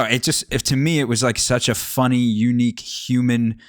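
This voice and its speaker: A man's voice: medium pitch, steady tone, moderate pace, no room sound. Dry, rambling young man telling stories. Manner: rambling, asks the listener rhetorical questions. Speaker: podcast host. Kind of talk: casual storytelling monologue.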